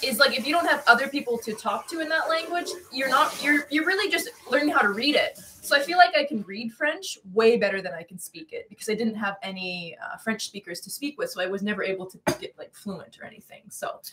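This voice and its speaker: A woman's voice: on the high side, brisk, hardly any pauses, sharp tone, far from the mic, a little hiss or hum. A woman from Canada chatting casually on a live cooking stream, with lots of "like" and easy laughter. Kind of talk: casual chat. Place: home kitchen.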